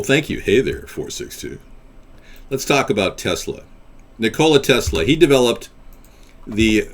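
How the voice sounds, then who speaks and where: A man hosting a live chat stream, talking in a rambling, argumentative and excitable way. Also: medium pitch. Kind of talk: casual live-stream talk.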